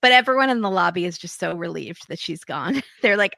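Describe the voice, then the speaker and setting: A woman's voice: on the low side, expressive, brisk, creaky, bright, forceful tone, no echo. A woman guesting on a podcast, recapping a reality show episode in a wry, gossipy way and laughing as she goes.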